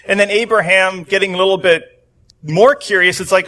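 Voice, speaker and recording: A man's voice: steady tone, fairly quick, pushed and bright. A young man preaching a casual, conversational sermon to a room of people, acting out the quotes he reads. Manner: conversational, acts out quotes with rising pitch. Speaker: pastor. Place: church room with a congregation.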